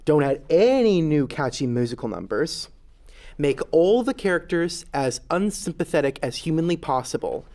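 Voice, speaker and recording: A man's voice: on the high side, big pitch swings, moderate pace, darkish tone. A young male student debater, speaking in a mock-dramatic, joking way. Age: young adult. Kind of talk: comic argument.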